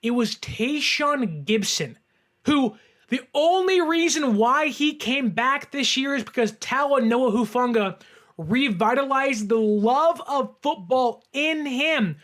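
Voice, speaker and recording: A man hosting a sports show, giving excitable, emphatic fan reaction commentary straight to viewers. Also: extremely high pitch, takes it slowly.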